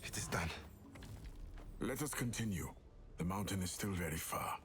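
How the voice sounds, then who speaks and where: A solemn young male shaman hero from a video game. He speaks in a formal, measured, quiet way with a lowish voice. The capture carries a clear layer of background noise. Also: lively intonation. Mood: calm, solemn. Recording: noisy game audio capture.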